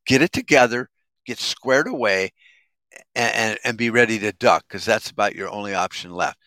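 A man's voice: fairly low pitch, moderate pace, sharp tone, no room sound. A man hosting a podcast, giving a heated, profane rant while driving to work. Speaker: podcast host. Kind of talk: ranting live podcast monologue.

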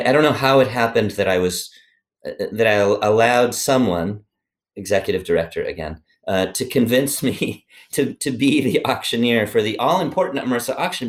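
A middle-aged man with a fairly low voice talks through his podcast answers at an easy conversational pace. He rambles, restarts his sentences often and fills gaps with ums. His humor is self-deprecating. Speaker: interviewee, former organization president.

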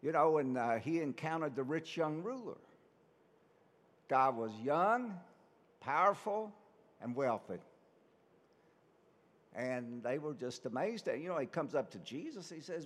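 A man's voice: on the high side, big pitch swings, moderate pace, in a large hall. A man, a priest, giving a conversational sermon full of rhetorical questions.

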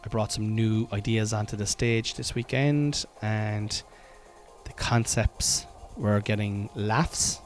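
A man with a Cork Irish accent talks at his podcast mic in a casual, rambling way, self-mocking and peppered with ums and restarts. His voice sits a little on the low side, and faint music hums underneath. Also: fairly even intonation, takes it slowly. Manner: chatty, self-deprecating, full of fillers and restarts. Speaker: comedian and podcast host.

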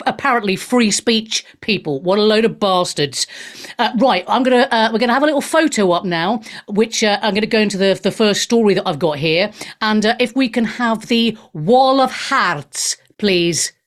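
A middle-aged woman from Wales hosting a talk radio show, sarcastic, profane and animated as she rants into a studio mic. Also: mid-range voice, moderate pace.

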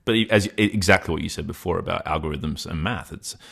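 Male podcast co-host, extremely deep voice, deliberate and unhurried storyteller. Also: gravelly, a bit bright, slightly rough. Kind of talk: casual chat.

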